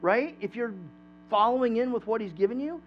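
A man preaching a sermon in a church, conversational and animated, asking the congregation questions. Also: very high-pitched, a little fast. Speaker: pastor. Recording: dull lo-fi sound with mains hum.

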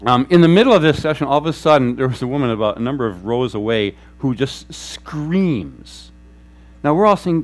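A man preaching a sermon as a pastor, telling stories in an animated way and acting out quoted voices. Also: mid-range voice, brisk. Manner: animated storytelling, acts out quotes. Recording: faint mains hum.

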